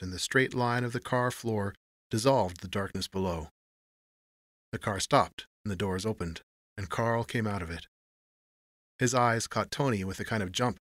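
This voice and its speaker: Brief: man with a lowish voice, steady noir narration, dry close-miked sound. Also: no room sound. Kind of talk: scripted narration of a noir story.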